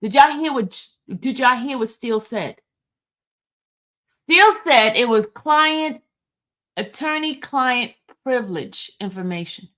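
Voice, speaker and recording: A woman with a slightly higher voice talks slowly and deliberately. She keeps calling out to her viewers and repeating her questions with excitement. She sounds like a casual commentary host reading through court records. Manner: casual, addresses viewers as y'all.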